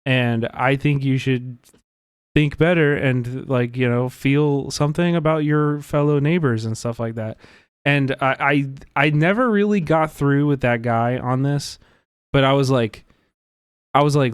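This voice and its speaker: A man's voice: medium pitch, measured pace, smooth, no echo, clean studio sound. A man hosting a livestream, talking casually and earnestly, rambling with many fillers. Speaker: livestream host.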